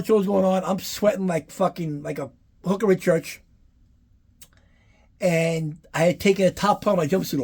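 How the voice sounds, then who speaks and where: A man's voice: a little high, breathy edge. A man tells rambling, profane stories while giving a casual tour of his collection. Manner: rambling, profane, animated anecdotes. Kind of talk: casual storytelling to camera.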